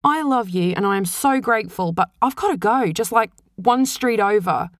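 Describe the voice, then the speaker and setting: A thirty-year-old daughter, as a woman acts her out, exasperated yet affectionate with her mother. She talks higher and brighter than plain speech. The recording is close and dry. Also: animated, moderate pace, dry recording, natural voice. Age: 30s. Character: grown daughter moving out of home.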